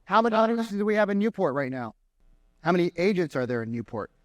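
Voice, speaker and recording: Energetic man coaching a live room. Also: high-pitched, quick pace, no room sound. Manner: energetic, questions the crowd. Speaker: sales trainer. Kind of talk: live seminar talk to an audience. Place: meeting room with an audience.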